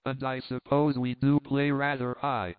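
A man's voice: mid-range voice, little pitch movement, unhurried, clean tone, natural voice. A man voicing an airy, gallant young American man. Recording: phone-like thin sound.

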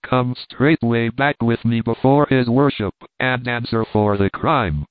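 A man's voice: mid-range voice, a little slow, no room sound, close to an everyday voice. A man playing a sly, greedy constable. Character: sly greedy constable, coaxing then threatening. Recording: tinny phone-like line, dry.

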